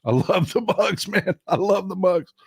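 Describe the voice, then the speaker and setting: An older man talks straight into a close, dry mic on his own livestream. His voice sits a bit on the high side, and he speaks plainly and profanely, stopping now and then to read out and thank viewer comments. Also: animated, measured pace, vocal fry, husky, no echo. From Texas. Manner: blunt, profane, reads viewer comments aloud. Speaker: livestream host.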